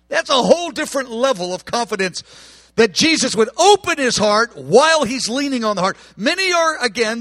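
A man preaching a sermon with passion, acting out quoted voices and swinging from hushed tones to shouts. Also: very high voice, no room sound.

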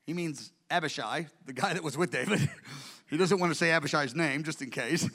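A man preaching a sermon, telling the story in an animated, conversational way. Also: on the high side, brisk, long reverb tail.

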